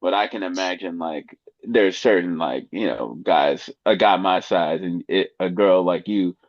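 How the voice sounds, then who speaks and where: A man's voice: low-pitched, measured pace, dry recording, highs cut off. A man co-hosting a casual podcast, rambling with laughs and slipping into mock voices, with a slightly nasal voice. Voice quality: a little nasal. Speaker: podcast co-host.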